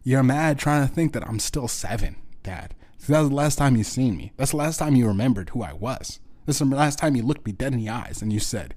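A man's voice: medium pitch, animated, a little fast, hardly any pauses. Bitter, cursing man ranting. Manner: bitter, profane, swings between shouting and muttering. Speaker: podcast host. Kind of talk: angry personal rant.

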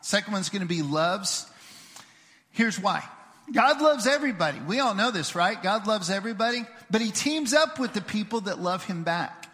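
A man preaching a sermon as pastor, emphatic, shifting his loudness and pace and leading the congregation in responses. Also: high voice, animated, normal speed. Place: church sanctuary. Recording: livestream with long hall reverb.

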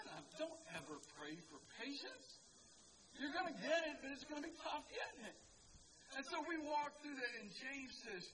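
A man preaching to a picnic crowd at a park, talking in a loose, conversational way with joking asides to his listeners. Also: high voice. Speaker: pastor. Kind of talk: outdoor sermon. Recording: distant mic with crowd noise.

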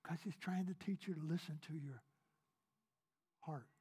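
A man from Kentucky preaching a sermon as pastor, asking the congregation questions and swinging between loud emphasis and soft, hushed lines. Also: a little high, steady tone, fast talker, slightly rough.

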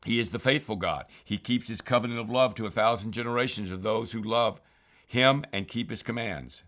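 A man's voice: on the low side, brisk, a bit bright. Man teaching Bible passages. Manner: reads verses then explains them, often saying "remember". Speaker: preacher reading scripture.

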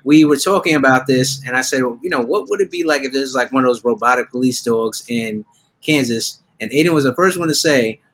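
A man's voice: medium pitch, fairly quick, a bit bright, poor audio. A man in casual group chat, teasing a friend and telling stories about him. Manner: teasing, storytelling.

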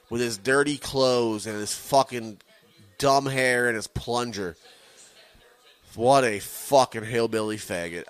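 A man's voice: mid-range voice, a bit bright. A man with a mid-range, ordinary voice co-hosts a podcast, watching along and heckling what is on screen. His delivery is sarcastic and crude, full of blunt put-downs. The talk stays loose and profane. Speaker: podcast co-host.

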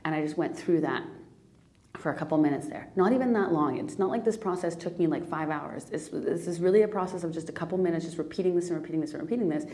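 A woman's voice: on the low side, fast, mellow. A woman hosting a personal spiritual podcast, talking earnestly and emotionally, near tears, often restarting and repeating phrases. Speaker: podcast host.

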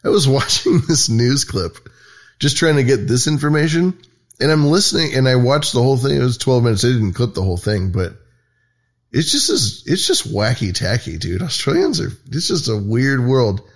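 A man's voice: medium pitch, big pitch swings, moderate pace. A man hosting a podcast, talking in loose, profane, mocking casual commentary with lots of restarts. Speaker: podcast host.

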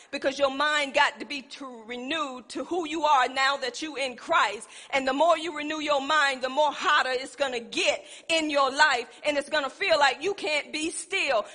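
High-voiced woman preaching. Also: bright, forceful tone. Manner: emphatic call-and-response preaching. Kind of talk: sermon. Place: church sanctuary. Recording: long reverb in a church hall.

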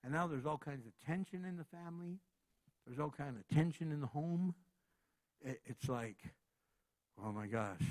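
A man preaching a sermon in a lively, conversational way, acting out little everyday scenes as he goes. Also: mid-range voice. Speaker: pastor.

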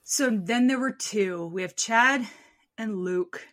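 Female podcast co-host with a bright, sharp voice; animated, drops to a murmur at the ends of lines. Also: medium pitch, slow, dry recording, clean studio sound. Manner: animated storyteller, trails off quietly at ends. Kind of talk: casual chat.

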